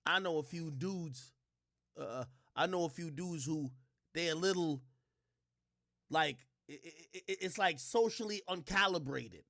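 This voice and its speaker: A man's voice: fairly high pitch, unhurried, pushed and bright, no echo, studio quality. A man streaming a reaction, commenting at length on a clip and explaining with frequent restarts. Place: streaming setup.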